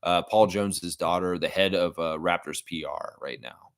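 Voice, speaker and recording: A man hosting a casual sports livestream, reading chat and breaking into animated, profane rants. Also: low voice, moderate pace, no echo, clean studio sound. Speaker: livestream host.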